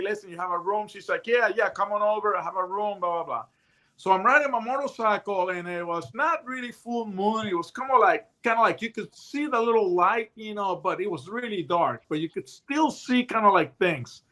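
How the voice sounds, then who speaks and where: A man in his sixties spins a yarn as a guest, his voice sitting high for a man. The tone is bright and forceful. He tells it casually and throws himself into the other people's voices in his stories. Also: normal speed. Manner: animated storyteller who acts out voices in his tales. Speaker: guest, retired hostage negotiator. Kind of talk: casual anecdotal storytelling.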